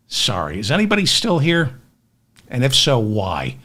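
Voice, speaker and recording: A man's voice: mid-range voice, huge pitch swings, normal speed, bright, forceful tone. A man hosting a comic news podcast, sardonic and exasperated, mixing rants with asides into his webcam. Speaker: podcast host. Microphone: webcam with automatic tracking.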